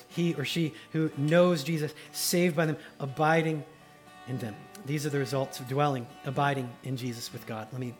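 A man's voice: a little high, steady tone, moderate pace, faint music behind. A man preaching a sermon to a congregation in a room, repeating rhetorical questions with rising intensity, then leading a closing prayer. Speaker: pastor.

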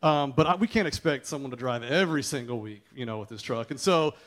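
A man's voice: mid-range voice, animated, fast, a bit bright. A man who is starting a new church, telling a congregation a testimony and acting out what others said to him. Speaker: church planter. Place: church service.

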